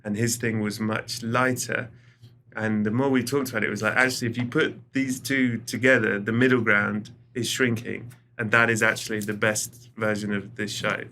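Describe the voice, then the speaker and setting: A middle-aged English man, a podcast guest, telling stories with lively acted-out quotes. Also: on the low side, normal speed, a little hiss or hum. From England. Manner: animated storyteller, acts out quoted lines. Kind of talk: casual podcast chat.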